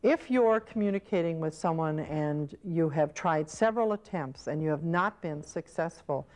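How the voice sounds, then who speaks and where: A woman's voice: sits low, normal speed, a little mellow. A woman teaching caregivers in an instructional training video, explaining patiently and acting out short example scenes. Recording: old VHS training tape.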